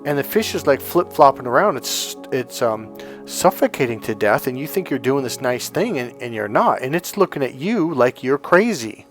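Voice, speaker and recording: A man's voice: medium pitch, big pitch swings, moderate pace, soft background music. A man coaching in a casual motivational monologue, rambling with many restarts and repeated words. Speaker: life coach.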